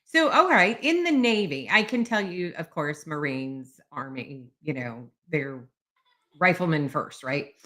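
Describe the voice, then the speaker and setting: A woman hosts a casual interview, nudging her guest along with short, encouraging questions. Her voice is lower than most women's, yet it moves around a lot in pitch and has a bright edge. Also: animated, unhurried. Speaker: interviewer host.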